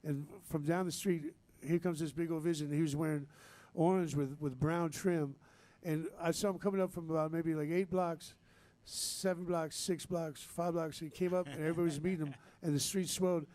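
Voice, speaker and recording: High-voiced New man telling stories. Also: steady tone, moderate pace, few pauses. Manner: rambling, warm-hearted, with restarts and Southern slang. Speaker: band member. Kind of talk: heartfelt live storytelling. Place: live music venue.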